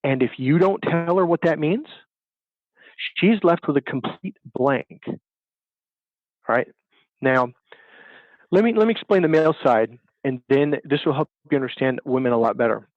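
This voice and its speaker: A man's voice: a little high, animated, moderate pace, pauses often, no room sound, muffled recording. A man, a dating coach, telling stories in an interview and acting out the voices of people in them. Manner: acts out voices in his stories, emphatic. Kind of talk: animated storytelling interview.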